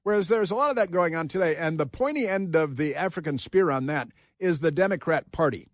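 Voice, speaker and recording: A man's voice: on the high side, animated, a little fast, no room sound, studio quality. Emphatic talk radio host, a man. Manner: rambling, emphatic, laughs often. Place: radio studio. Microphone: studio microphone.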